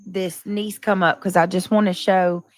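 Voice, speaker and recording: A woman on a livestream, calmly explaining her point step by step as she sets up a clip. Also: lowish voice, normal speed, background noise. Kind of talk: livestream commentary.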